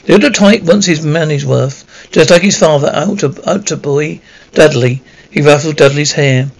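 A man's voice: fairly high pitch, normal speed, vocal fry, rough recording. A man narrating an audiobook chapter, stumbling often and correcting himself mid-word. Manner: stumbling, frequent self-corrections. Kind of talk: audiobook reading.

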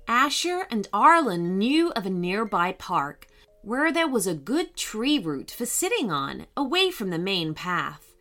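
A woman reading a children's story aloud in a gentle, expressive way. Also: mid-range voice, unhurried, faint music behind.

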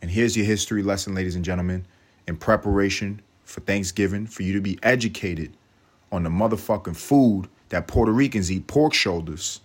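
A podcast host from Harlem, New York, speaks with a low-sitting voice, a little fast. He delivers a brash, profane, rambling comedic monologue.

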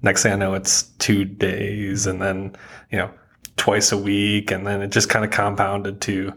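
A young man from Wisconsin with a light Midwestern accent, telling stories in a relaxed, rambling way as a guest on a podcast. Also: lowish voice, unhurried, husky. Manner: relaxed, rambling storyteller, leans on "you know". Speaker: cooking instructor, podcast guest. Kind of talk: casual interview chat.

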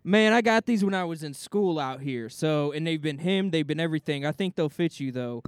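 A man co-hosting a podcast, tossing in quick joking remarks. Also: on the high side, animated, clear, resonant tone, no room sound, clean studio sound. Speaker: podcast co-host.

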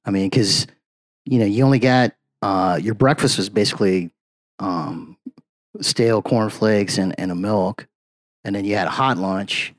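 A man talks as a guest on a podcast. He rambles through his stories and keeps tossing in "man" and "you know". The conversation is relaxed and unscripted. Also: lowish voice, a little slow. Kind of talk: casual podcast chat.

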